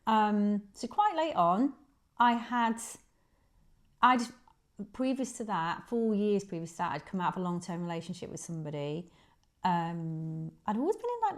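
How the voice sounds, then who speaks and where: A woman's voice: medium pitch, animated, brisk. A woman in her forties from Manchester with a Northern English accent, a guest chatting casually, self-deprecating and full of ums. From Manchester, England. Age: 40s. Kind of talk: casual chat.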